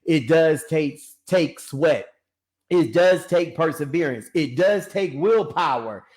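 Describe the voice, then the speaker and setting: A young man preaches about getting fit, calling out to his listeners and laughing as he goes. His voice sits a little high and swings widely in pitch. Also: takes it slowly. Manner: animated, calls out to listeners, laughs often. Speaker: ministry founder and personal trainer. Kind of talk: lively preaching-style talk to an online audience.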